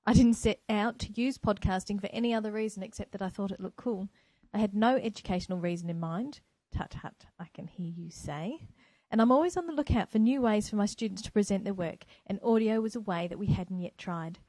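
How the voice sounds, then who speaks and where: A woman's voice: mid-range voice, quick pace, hardly any pauses, mellow, no room sound, low-quality recording. A woman teacher from New Zealand hosting her own podcast, speaking earnestly and with enthusiasm. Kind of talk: solo educational podcast. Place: home, by a window. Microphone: microphone.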